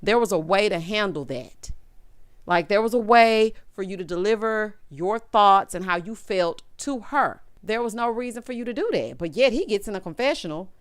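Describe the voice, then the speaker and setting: A woman's voice: mid-range voice, animated, normal speed, smooth, no echo, clean studio sound. A woman hosting a reality TV recap, talking casually, blunt and sassy, scolding the cast and calling listeners honey. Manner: calls viewers honey and baby.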